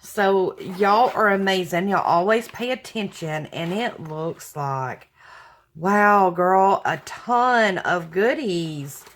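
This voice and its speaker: A woman's voice: medium pitch, takes it slowly. A woman chatting casually to viewers as she unboxes craft mail, gushing and exclaiming with thanks. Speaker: craft vlogger opening mail.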